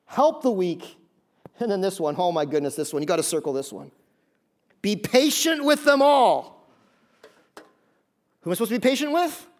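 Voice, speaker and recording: Male pastor with a high-pitched voice, preaching with lively acted asides and repeated phrases. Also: quick pace. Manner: animated, acts out voices of listeners; repeats key phrases for emphasis. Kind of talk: sermon.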